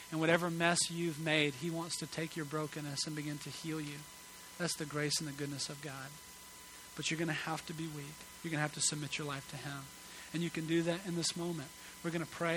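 Earnest, bright-voiced male preacher. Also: fairly high pitch, a little hiss or hum, rough recording. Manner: earnest, emphatic preaching that drops to soft pleading. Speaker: pastor. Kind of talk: sermon. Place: church sanctuary.

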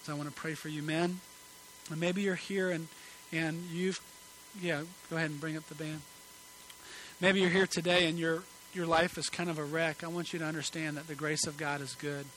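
A man preaches a sermon from a church stage into a microphone. His voice is bright and forceful and sits a little high. He swings between emphatic calls and quiet pleading, and a faint hum runs under the recording. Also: little pitch movement, moderate pace, poor audio. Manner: earnest, emphatic preaching that drops to soft pleading. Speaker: pastor. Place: church sanctuary.

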